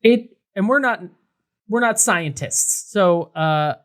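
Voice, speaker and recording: A male beer-podcast co-host with a high, expressive, fairly bright voice speaks at a slow pace. His casual review chat rambles, heavy with fillers and restarts.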